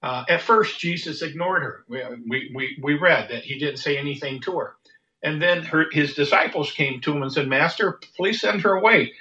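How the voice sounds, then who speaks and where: A man preaching a sermon in a halting way, stumbling over repeated words and fillers. His voice is bright and a little high for a man. The recording is dull and lo-fi.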